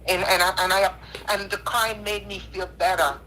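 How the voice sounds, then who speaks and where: A woman's voice: medium pitch, fairly even intonation, normal speed, a crowd in the background. A tearful woman calling in on a phone line, talking in an earnest, repetitive, preacherly way. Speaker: caller. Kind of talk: emotional call-in apology.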